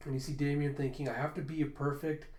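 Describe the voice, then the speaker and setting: A man's voice: a little high, level tone, quick pace, a little mellow, roomy sound. A man casually reviewing a manga chapter, reading out the characters' lines in his own voice and often breaking into laughter. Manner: retells the story, breaking into laughter. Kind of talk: casual reaction recap reading lines aloud.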